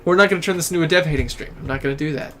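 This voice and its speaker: A man's voice: a little high, a bit bright, soft background music. A man with a Southern US accent from Tennessee, hosting a casual live gameplay stream, rambling and joking with his co-players. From Tennessee, USA. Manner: rambling, chatty, quick to joke with co-players. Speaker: game streamer host.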